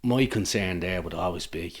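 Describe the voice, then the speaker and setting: Irish male guest, middle-aged, low voice, rambling anecdotal delivery, casual podcast chat. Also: normal speed, slightly rough. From Ireland. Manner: rambling anecdotal storytelling with many restarts. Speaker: guest, amateur football manager.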